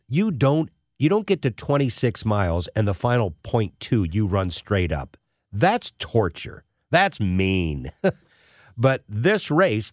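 A man's voice: medium pitch, a little mellow, no room sound, clean studio sound. A middle-aged man hosting a show, telling a personal story in an emotional, tearful way. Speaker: host.

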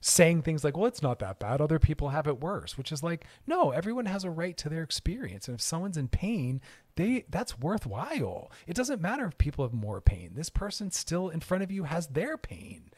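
A man's voice: a little high, big pitch swings, moderate pace, no room sound. A man hosting a podcast, answering listener messages in an earnest, emphatic, explanatory way and repeating his key points. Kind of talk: casual explanatory talk.

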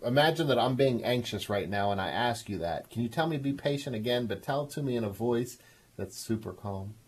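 Husky-voiced male call-in host. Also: medium pitch, lively intonation, fairly quick. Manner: encouraging, coaxing, laughs often. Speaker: radio show host. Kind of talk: call-in counseling talk.

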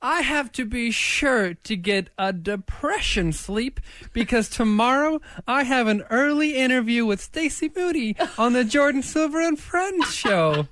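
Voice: mid-range voice, animated, measured pace, fairly bright tone. A radio show producer and co-host who reads a comic fill-in-the-blank diary aloud and drops dry asides. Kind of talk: casual radio banter and comic reading. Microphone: studio microphone.

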